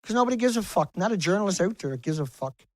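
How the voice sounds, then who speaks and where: A man's voice: high voice, lively intonation, quick pace, dry recording. Man in a swearing, impassioned rant. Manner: angry, swearing, repetitive and emphatic. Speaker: environmental activist vlogger. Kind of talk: impassioned profane rant to camera. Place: outdoors on a beach.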